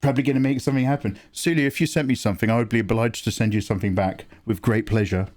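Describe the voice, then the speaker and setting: Now his voice sits lowish and he talks very fast. The livestream host keeps up animated, casual chat with viewers while drawing, cracking jokes with chat and swearing without restraint.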